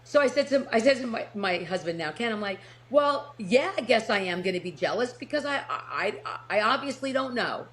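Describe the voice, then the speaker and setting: A woman's voice: a little high, expressive, brisk, few pauses, a bit bright. A middle-aged woman from New Jersey with a New Jersey accent, a podcast guest and author telling her story in casual chat, laughing often and restarting her sentences.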